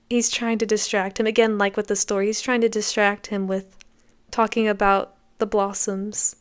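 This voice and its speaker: Smooth-voiced woman chatting film commentary. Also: mid-range voice. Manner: enthusiastic, conversational, reacting to scenes as they play. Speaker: podcast host.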